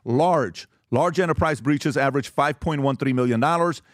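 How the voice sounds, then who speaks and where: A man talking to a live audience about business, direct and emphatic as he runs through his points. He tells stories in an animated way, acting out the exchanges. His voice sits in a middle register and sounds dry and close. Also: mid-range voice, normal speed, no room sound. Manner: animated storytelling, acts out quoted exchanges. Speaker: host giving a business talk.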